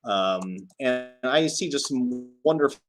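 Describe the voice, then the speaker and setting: A man's voice: mid-range voice, lively intonation, unhurried. A man hosting a casual livestream, chatting and reading out viewer comments with frequent fillers and laughs. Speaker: livestream host.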